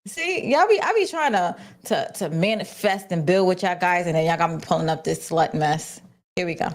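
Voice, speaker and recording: A woman's voice: on the low side, animated, normal speed. Blunt, profane woman streamer. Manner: blunt and profane, with frequent restarts. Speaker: host. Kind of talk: casual livestream commentary.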